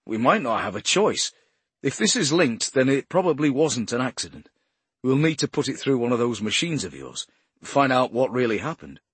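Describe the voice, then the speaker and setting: A dogged, stubborn male detective presses his point, half muttering, read by a male narrator. The voice is husky and close, with a dry audiobook sound. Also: mid-range voice, sing-song, moderate pace, no room sound, voice pushed up. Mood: insistent. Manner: insistent, muttering.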